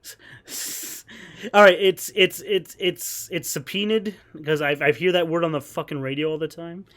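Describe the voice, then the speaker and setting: A man giving casual gameplay commentary as a streamer, excitable and swearing a lot, over game music. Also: on the high side, normal speed.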